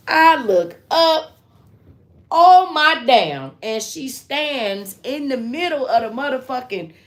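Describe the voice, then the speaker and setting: Slow-talking woman telling a story. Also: on the high side. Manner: chatty, animated storytelling; answers chat with endearments. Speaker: livestream host. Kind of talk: casual storytelling to viewers.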